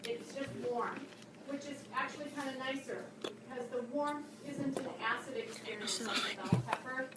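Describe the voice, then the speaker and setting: A woman's voice: high-pitched, fairly even intonation, moderate pace, heavy background noise. A woman teaching a classroom cooking demonstration, explaining patiently, picked up by a phone across the room with students chattering. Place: school classroom. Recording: distant voice in echoey classroom.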